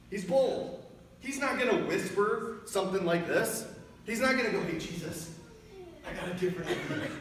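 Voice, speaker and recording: Guy preaching a story sermon, gets loud n emphatic, echoey church, faint hiss behind. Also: a little high. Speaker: guest preacher. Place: church sanctuary. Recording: echoey church hall from far off.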